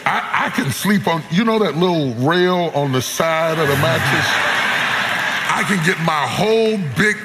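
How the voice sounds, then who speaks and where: Middle-aged male preacher, rhythmic sermon delivery, booming to hushed, in a large reverberant church with a noisy crowd. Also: animated, measured pace. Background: congregation responding and cheering.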